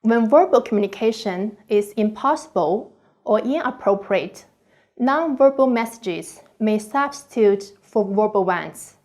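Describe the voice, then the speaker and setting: A woman reading a scripted online course lecture slowly and carefully, with deliberate pauses. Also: medium pitch, lively intonation, a little mellow.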